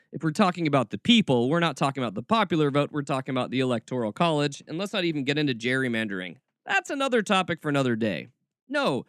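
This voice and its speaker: A man's voice: mid-range voice, no echo, clean studio sound. A man hosting a podcast, giving snarky, exasperated commentary. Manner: sarcastic, exasperated, animated. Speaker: podcast host.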